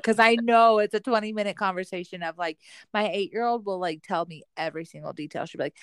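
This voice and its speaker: Chatty mom with a smooth voice. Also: female voice, mid-range voice, fast, no echo, studio quality. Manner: chatty storyteller, acts out her kids' voices. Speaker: podcast co-host, mother. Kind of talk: casual chat.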